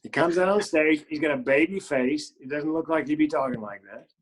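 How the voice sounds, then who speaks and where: Animated storytelling comedian, slightly high voice. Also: male voice, brisk. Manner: animated storyteller who acts out quotes in higher voices. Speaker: guest comedian and speaker. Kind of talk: casual interview storytelling.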